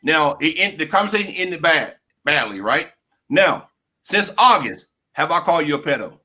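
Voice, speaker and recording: A man's voice: fairly high pitch, animated, moderate pace, pushed and bright. A man hosting a heated live debate, insistent, breaking in by repeating the other man's name and pressing his questions. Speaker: channel host.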